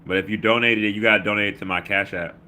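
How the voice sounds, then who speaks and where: Low, bright-voiced man. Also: steady tone, racing. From Baltimore. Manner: loose, slangy, reads chat comments aloud with shout-outs. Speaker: livestream host. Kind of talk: casual livestream chat.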